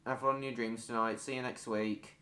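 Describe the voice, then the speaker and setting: A man's voice: medium pitch, level tone, fairly quick, bright, forceful tone. A man hosting a casual gaming live stream, chatting playfully with his viewers. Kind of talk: casual chat while gaming.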